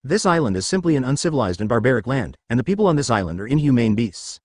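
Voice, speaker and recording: A man reading the lines of a calm, clever young hero in his own narrating voice, level and matter-of-fact. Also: mid-range voice, fast, husky, no room sound, studio quality. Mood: firm.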